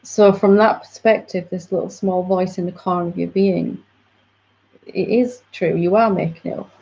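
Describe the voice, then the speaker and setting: A woman's voice: on the low side, fairly even intonation, moderate pace, vocal fry, warm tone. A woman spiritual teacher patiently explaining to a student in a reflective satsang dialogue. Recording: dull lo-fi audio.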